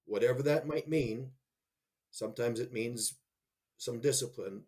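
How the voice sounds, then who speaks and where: A man's voice: mid-range voice, unhurried, darkish tone, slightly rough. A middle-aged man, a school leader, speaking reflectively and telling a personal story in a roundtable discussion. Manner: reflective storyteller, acts out quoted voices.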